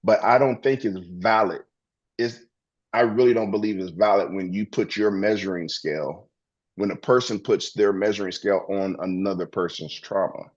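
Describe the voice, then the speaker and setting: A man's voice: low-pitched, steady tone, normal speed, dull audio. A man co-hosting a podcast, telling stories earnestly in a casual, rambling way. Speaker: podcast co-host. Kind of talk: casual spiritual chat.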